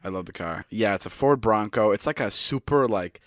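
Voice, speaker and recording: A man's voice: fairly low pitch, moderate pace, a bit bright, no echo, studio quality. A man in his twenties co-hosting a podcast, telling rambling stories in casual chat and swearing freely. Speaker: podcast co-host.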